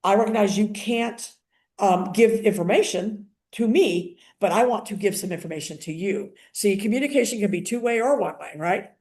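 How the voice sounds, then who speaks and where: An older woman talks through a training session in a loose, chatty way, slipping into the voices of people she quotes. Her tone is warm and mellow. The sound is roomy, with noticeable echo. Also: mid-range voice, normal speed. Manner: chatty, acts out quoted conversations. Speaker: activist and paralegal giving a training. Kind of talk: casual spoken training talk.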